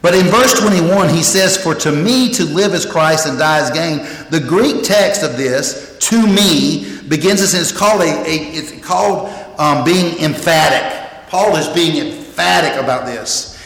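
Pastor: man, slightly high voice, earnest emphatic sermon, echoey sanctuary. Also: animated, measured pace, fairly bright tone. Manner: earnest, emphatic preaching with repeated phrases and restarts. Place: church sanctuary. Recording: echoey hall with long reverb.

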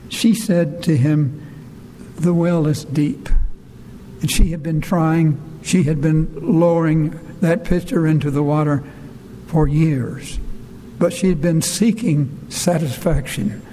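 A man delivering a sermon at a slow, halting pace, filling his pauses with "uh". His voice sits a little high for a man yet sounds mellow and dark. He is heard in a large hall with a long reverb and a faint ambient hum behind him. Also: steady tone. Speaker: preacher.

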